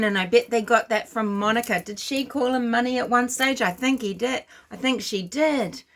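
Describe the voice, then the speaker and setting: A woman's voice: fairly high pitch, moderate pace, few pauses, fairly bright tone. A woman giving ranting commentary, scornful and lecturing her viewers. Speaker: commentary vlogger.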